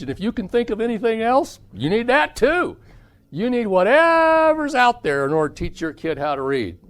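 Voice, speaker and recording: A man teaching a parenting seminar to a live audience, keeping it lively by asking the listeners questions. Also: high voice. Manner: animated, asks the audience questions.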